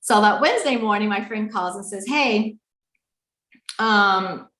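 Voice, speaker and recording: Animated woman storyteller, roomy echo. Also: mid-range voice, fast. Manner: animated, acts out quoted dialogue. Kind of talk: emotional personal storytelling.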